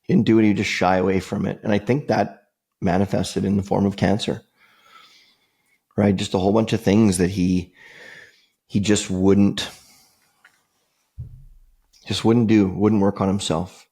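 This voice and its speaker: A man's voice: lowish voice, level tone, measured pace, vocal fry, long pauses, mellow, slightly rough. A man from Canada hosting a podcast, telling reflective personal stories in an earnest, conversational way and repeating key phrases for emphasis. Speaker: podcast host.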